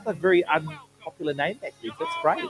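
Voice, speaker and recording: A man's voice: on the high side, brisk, over music. A young man co-hosting breakfast radio, telling stories and acting out the people in them. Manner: animated storyteller, acts out quotes loudly. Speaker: radio co-host. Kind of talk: casual breakfast radio banter.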